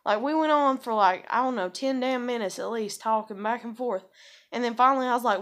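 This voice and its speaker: In a relaxed vlog, a woman rambles on with plenty of profanity and constant "like" and "you know" fillers. She speaks a little fast, her voice a bit high and a bit bright.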